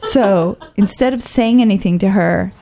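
A middle-aged woman from Oakland telling a personal story in a wry, blunt, animated way. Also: medium pitch, moderate pace, creaky, background noise. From Oakland, California.

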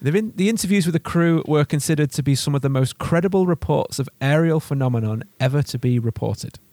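A man's voice: on the high side, quick pace, dark tone, dry recording. A man hosting a podcast, telling a story in casual chat, laughing often and restarting words. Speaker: podcast host.

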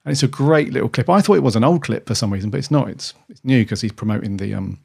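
A man's voice: mid-range voice, quick pace, creaky, husky. A man co-hosting a podcast in casual chat, rambling enthusiastically with frequent restarts. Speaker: podcast co-host.

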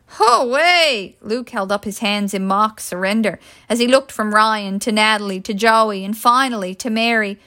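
A woman reading a story aloud in a steady, expressive storybook narration. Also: mid-range voice, dry recording. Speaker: audiobook reader.

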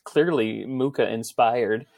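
A podcast guest chatting casually about a movie, nerdy and animated, laughing while talking. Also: medium pitch, slow, vocal fry. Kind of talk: casual movie-review chat.

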